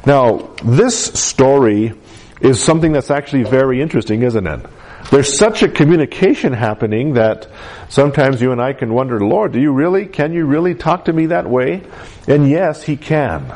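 Conversational male preacher, mid-pitched. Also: lively intonation, normal speed, a little mellow. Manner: conversational, anecdotal preaching with frequent fillers. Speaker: pastor. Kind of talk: sermon.

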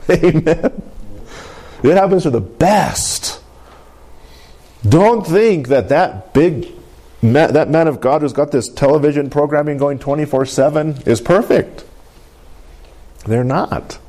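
A man preaching a sermon in an animated call-and-response manner, often asking for an amen and laughing. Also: on the high side, unhurried, pauses often. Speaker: pastor.

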